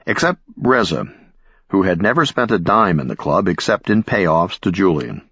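A man narrates an audiobook in a measured, expressive way. His voice is very deep and husky, with lively swings in pitch. The recording is dry and a little dull, with a lo-fi sound. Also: dry recording. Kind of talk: scripted narration.

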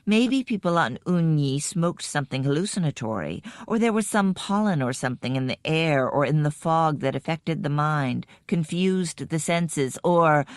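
A woman narrating a first-person story in a measured, even storytelling manner. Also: deep voice, dry recording, clean studio sound. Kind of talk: scripted audiobook narration.

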